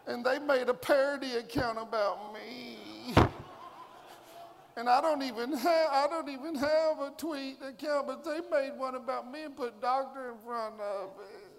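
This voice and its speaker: A man voicing a self-pitying male prophet who complains in a sulky, drawn-out way, recorded in a reverberant hall. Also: very high voice, vocal fry, voice pushed up, exaggerated voice. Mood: whiny.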